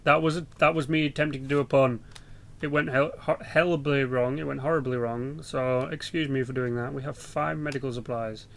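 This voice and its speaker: A man's voice: mid-range voice, steady tone, brisk, vocal fry, a bit bright. A young British man rambling through casual, sweary game commentary as a channel host. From Britain.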